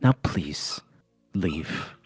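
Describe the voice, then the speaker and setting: Man putting on a nervous chatty barmaid for a tabletop game, raised pitch, husky, dry. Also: sing-song, measured pace, dark tone, no room sound, faint music behind. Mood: evasive. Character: evasive female barkeep, chatty and nervous.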